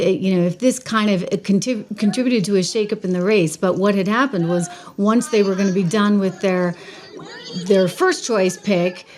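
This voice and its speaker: Emphatic woman hosting political commentary. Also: medium pitch. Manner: emphatic, conversational, addresses viewers directly. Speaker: show host.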